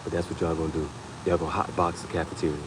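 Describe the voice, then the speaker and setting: A young man with a lowish voice riffs through a casual comedy chat, laughing as he tells stories. He keeps jumping into high-pitched acted quotes of other people. A faint steady hum sits behind him. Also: very fast. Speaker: podcast host.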